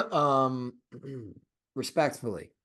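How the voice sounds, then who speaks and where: A podcast co-host with a mid-range voice and a sharp tone talks extremely slowly in casual chat. He rambles with frequent restarts, fillers, and swearing, growing emphatic and insistent when arguing a point.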